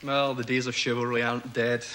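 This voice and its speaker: A man's voice: medium pitch, little pitch movement, a little fast, very noisy. A man with a Scottish Glasgow accent, a contestant giving playful, storytelling answers. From Glasgow, Scotland. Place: TV studio.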